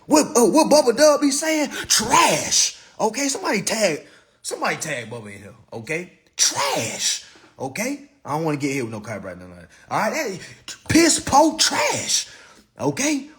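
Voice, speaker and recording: A man giving an animated, preachy monologue to his viewers, mocking and emphatic, with sudden loud jabs. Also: sits high, normal speed. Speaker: consumer-credit commentator.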